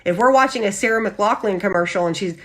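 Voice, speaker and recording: A woman's voice: mid-range voice, quick pace. A woman hosting a live Christian devotional, talking animatedly and checking in with her listeners. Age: adult with husband and child. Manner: animated, often checks in with "okay?"; acts out lively quoted voices. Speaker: Christian women's devotional host.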